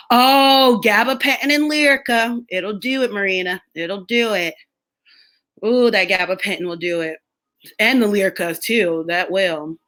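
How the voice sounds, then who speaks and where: A woman's voice: a little high, fairly bright tone. A young woman hosting a casual live stream, chatting loosely with viewers, laughing often and drifting between topics.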